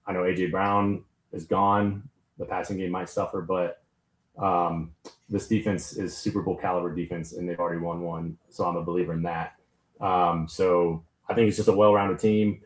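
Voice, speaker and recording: Low-voiced man in a roomy echo. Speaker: podcast co-host. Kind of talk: casual sports chat.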